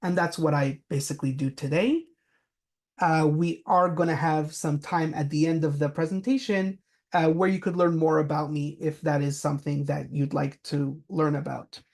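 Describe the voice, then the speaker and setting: A man's voice: fairly high pitch, fairly even intonation, normal speed, gravelly, darkish tone. A man giving a business talk, telling anecdotes with frequent fillers. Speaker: presenter.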